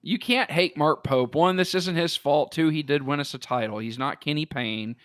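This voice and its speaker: A man's voice: a little high, moderate pace, fairly bright tone, no echo. A man co-hosting a sports talk show, arguing a point firmly and emphatically. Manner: firm, emphatic.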